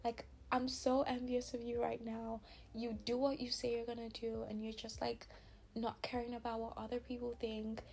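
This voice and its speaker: Young woman host, casual advice chat, chatty and upbeat, gravelly fry, faint hiss behind. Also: fairly high pitch, dark tone. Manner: chatty, upbeat, says "like" often, acts out quoted dialogue. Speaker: podcast host.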